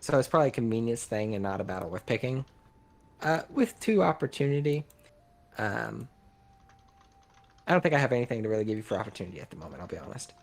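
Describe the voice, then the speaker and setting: A man running a tabletop game as game master, relaxed and often pausing with ums. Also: mid-range voice. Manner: relaxed, hesitant with many ums.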